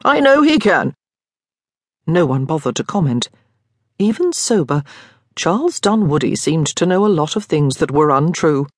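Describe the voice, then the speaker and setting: A woman narrating an audiobook with expressive, lively storytelling. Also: sits low, normal speed, slightly rough, dry recording, studio quality. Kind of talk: scripted narration.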